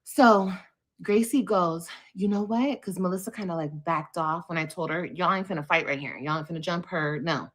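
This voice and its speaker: A woman hosts a livestream podcast, telling a story casually and animatedly with plenty of profanity while acting out what other people said. Her voice is lowish and her pace moderate.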